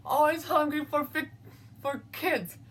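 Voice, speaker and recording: A woman's voice: high voice, a little slow. A woman doing a tearful, guilt-stricken friend. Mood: ominous. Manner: tearful, urgent confession. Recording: distant mic, faint background noise.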